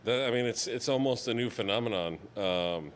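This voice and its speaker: A man's voice: mid-range voice, moderate pace, a little hiss or hum. A man hosting a casual interview, laid-back, with many short murmured acknowledgements. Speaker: interview host.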